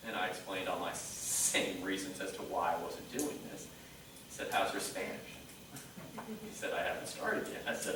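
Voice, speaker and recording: A man giving a motivational talk on stage, telling stories and acting out conversations in a lively way. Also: low voice, moderate pace, noisy background. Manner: animated storyteller quoting dialogue. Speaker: motivational speaker. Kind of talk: live presentation storytelling. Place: conference room. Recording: echoey hall mic from a distance.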